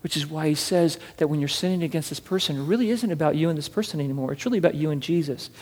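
A man preaching a sermon from scripture, fervent, swinging between loud urging and hushed asides and repeating words as he builds a point. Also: fairly high pitch, rapid-fire, big-room sound. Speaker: pastor.

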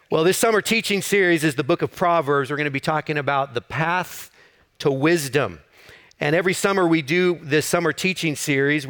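Middle-aged guy preaching, kinda high smooth voice, jokes about himself a lot. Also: a bit bright. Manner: casual storytelling, self-deprecating humor. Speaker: campus pastor. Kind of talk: sermon.

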